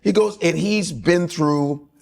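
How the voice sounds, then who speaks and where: A man hosting a podcast, chatting casually and telling stories in an excited, animated way. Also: on the high side, slow, gravelly. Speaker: podcast host. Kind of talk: casual chat.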